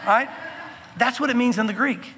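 A man preaching a sermon from the pulpit, earnest and emphatic, slowing down to stress key phrases. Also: extremely high pitch, sharp tone, long reverb tail, slight background noise. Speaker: pastor.

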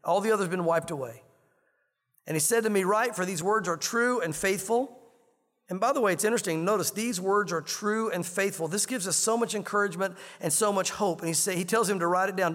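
A man's voice: sits high, brisk, a bit bright, big-room sound. A man preaching a sermon as pastor, in an earnest, conversational way, repeating himself as he reads and explains scripture.

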